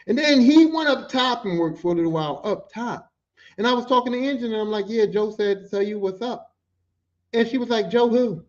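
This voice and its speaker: A man's voice: very high-pitched, quick pace. A man hosting a podcast, telling a work story in a casual, profane way and acting out other people's lines. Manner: animated, profane, acts out quotes in other voices. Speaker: podcast host. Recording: dull lo-fi audio.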